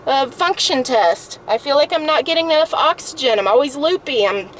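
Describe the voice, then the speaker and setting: A woman's voice: sits high, animated, normal speed, hardly any pauses, a little hiss or hum, poor audio. A woman vlogger venting in frustration about a bad experience, talking to a phone camera from a parked car. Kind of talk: angry personal vlog rant.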